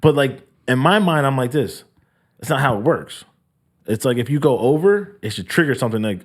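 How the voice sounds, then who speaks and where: A man spins a profane story on a podcast, acting out every character. His pitch rises and falls widely as he goes. A husky, slightly raspy grain runs through his speech. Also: brisk. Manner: profane, animated, acts out quotes. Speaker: podcast co-host. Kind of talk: casual storytelling.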